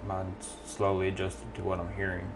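A man's voice: deep voice, completely flat delivery, moderate pace, creaky, noisy background. Talkative, profane man. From American South. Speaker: podcast co-host. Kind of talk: casual chat.

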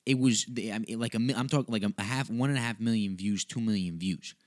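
A man's voice: lowish voice, fast talker, darkish tone. A young man hosting a podcast, telling a story in a rambling, casual way, with tangents and swearing. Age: young adult. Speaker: podcast host.

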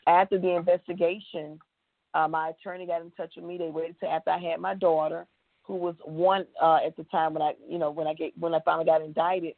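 A woman's voice: fairly low pitch, little pitch movement, brisk, vocal fry, no echo. A woman with a Texan accent, an interview guest, telling her story with feeling and acted-out quotes. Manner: emotional, tells it with acted-out quotes. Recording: tinny phone line.

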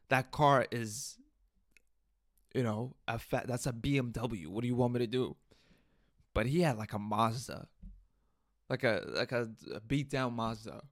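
A man's voice: medium pitch, normal speed. A young man hosting a podcast, ranting in a casual comedic monologue, swearing and laughing at himself, recorded on a studio mic. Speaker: podcast host. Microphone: studio mic through audio interface.

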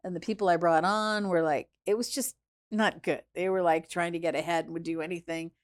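A woman chef, a guest in an interview, telling a story in a lively way, acting out what people said and swinging between hushed and loud. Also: fairly low pitch, brisk. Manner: animated, acts out quoted voices, swings between hushed and loud. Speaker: chef and restaurant founder, guest.

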